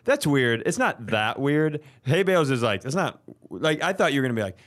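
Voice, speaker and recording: A man's voice: mid-range voice, big pitch swings, fairly quick. A man co-hosting a podcast in casual chat, teasing and interrupting his partner. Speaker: podcast co-host.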